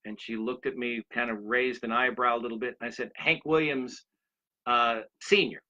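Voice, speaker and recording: Older guy in his 60s rambling through stories for a motivational talk, bright forceful voice, muffled lo-fi sound. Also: medium pitch, level tone, fast. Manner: rambling anecdotes, addresses listeners directly. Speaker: speaker. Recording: dull lo-fi recording.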